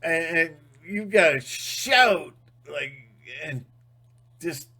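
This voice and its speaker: Male channel host, fired-up ranting monologue, unhurried but intense. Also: fairly high pitch, lively intonation. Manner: emphatic, fired-up, sometimes shouting.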